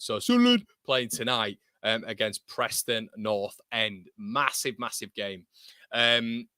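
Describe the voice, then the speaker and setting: A young man from England hosting a live football watchalong, chatting excitedly, reading out viewer comments and calling people mate. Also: medium pitch, no room sound, studio quality.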